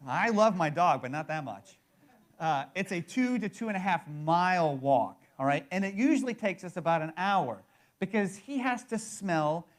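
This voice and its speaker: Male pastor, 30s, slightly high pitch, casual conversational sermon delivery. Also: expressive, normal speed. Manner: conversational, repeats words and restarts, fills with "right?".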